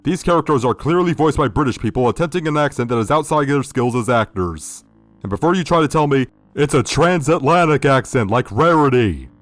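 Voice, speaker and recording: A man's voice: mid-range voice, expressive, brisk, no echo. Sardonic man reviewing a cartoon. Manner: sardonic, profane. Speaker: video essay host. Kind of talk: critical review commentary.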